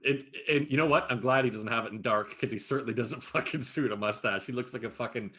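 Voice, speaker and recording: A podcast co-host chats casually in a fast, mid-range voice, with slight background noise. He swears freely, laughs often, and recaps a series with lots of energy.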